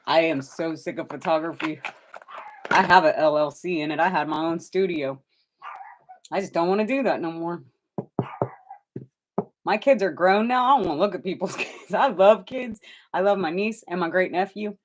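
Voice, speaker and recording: A middle-aged woman hosting a live stream, telling stories casually with lively voices for the people in them and frequent swearing. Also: fairly low pitch, normal speed, long pauses. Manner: animated, swears freely, acts out quoted people. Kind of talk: casual storytelling.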